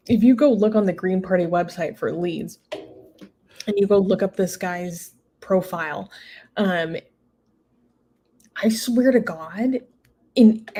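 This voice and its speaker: A woman's voice: fairly low pitch, dark tone, husky. A woman co-hosting a casual talk show, exasperated and emphatic, with laughing asides. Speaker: co-host. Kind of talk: casual chat.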